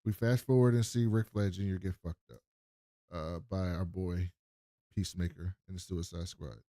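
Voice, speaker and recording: A man's voice: low-pitched, moderate pace, no room sound, clean studio sound. A man co-hosting a podcast, casually recapping an episode and acting out the characters' lines. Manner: animated retelling with acted quotes. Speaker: podcast co-host.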